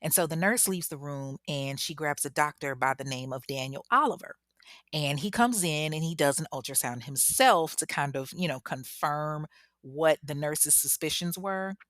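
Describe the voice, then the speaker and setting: A woman telling a true-crime story in a casual, slangy, animated conversational way. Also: low-pitched, moderate pace, dry recording, studio quality.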